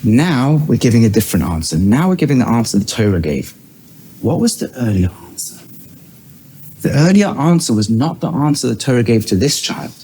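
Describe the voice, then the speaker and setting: A middle-aged man, a rabbi, giving a teaching lecture, swinging between high emphatic bursts and low quiet asides, and weaving in Hebrew terms he then translates. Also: very animated, normal speed, slight background noise. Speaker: rabbi and educator.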